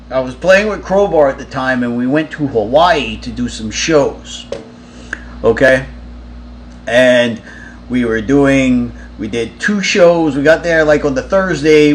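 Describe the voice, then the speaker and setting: A man's voice: medium pitch, slight background noise. A man, a touring musician, casually telling a story in a loose, profane way, with lots of fillers and restarts.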